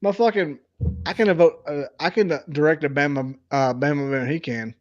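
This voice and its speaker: A man from Alabama with a Southern accent, drunk and ranting loudly on a podcast, full of swearing. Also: fairly high pitch, fairly quick, highs cut off. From Alabama, USA. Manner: profane, boisterous ranting. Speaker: guest. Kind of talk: rowdy casual podcast chat.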